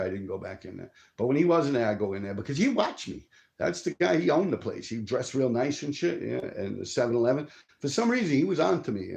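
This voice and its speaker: Middle-aged New man, gravelly, streetwise, profane live-stream storyteller. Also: medium pitch, a little mellow. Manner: profane, streetwise, answers viewer chat. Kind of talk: casual rambling storytelling.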